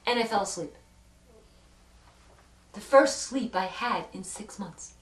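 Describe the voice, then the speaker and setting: A woman telling an emotional personal story in an earnest way, pausing for effect and moving between hushed and loud moments. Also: mid-range voice, recorded from a distance. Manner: earnest, with dramatic pauses and swings from hushed to loud. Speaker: self-help speaker. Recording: echoey room, speaker set back from the mic.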